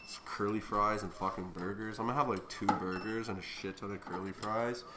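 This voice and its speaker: A man's voice: fairly low pitch, steady tone, brisk, reverberant, very noisy. A man co-hosting a casual smoking livestream from a garage, loose and joking, swearing freely. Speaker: co-host of a smoking stream.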